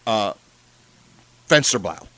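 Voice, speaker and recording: A man in his fifties, co-hosting a casual podcast chat, enthusiastic and quick to laugh while acting out scenes. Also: fairly low pitch, lively intonation, fairly bright tone, no echo. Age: 50s. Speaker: podcast co-host.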